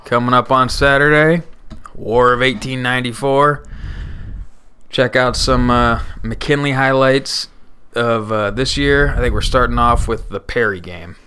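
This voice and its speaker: A man's voice: mid-range voice, measured pace, pushed and bright, smooth. A man hosting a casual podcast chat, upbeat and moving the show along. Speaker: podcast host.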